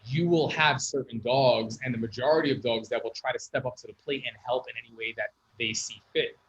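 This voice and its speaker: A man's voice: medium pitch, fairly even intonation, brisk, muffled recording. A man who is a guest dog trainer on a podcast, explaining eagerly and repeating words as he starts. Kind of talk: podcast interview.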